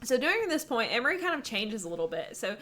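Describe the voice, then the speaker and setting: A woman's voice: a little high, sing-song, fast, fairly bright tone. A young woman co-hosting a book podcast in casual chat, laughing often and playing out the characters' lines. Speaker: podcast co-host.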